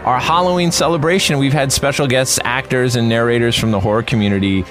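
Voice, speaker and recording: A man's voice: medium pitch, fast talker. A man hosting a podcast, upbeat and chatty as he introduces the episode. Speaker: podcast host. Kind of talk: casual chat.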